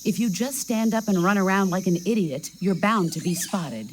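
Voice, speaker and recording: Woman doing calm game radio support officer, instructive and steady, mid-pitched voice, faint background hiss. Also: normal speed, natural voice. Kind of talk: game dialogue over radio.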